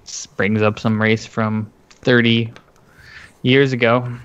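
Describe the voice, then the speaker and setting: A man's voice: medium pitch, level tone, takes it slowly, clean tone, highs cut off. A man co-hosting a casual podcast about tabletop games, talking in a rambling, hesitant way with many fillers. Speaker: podcast co-host.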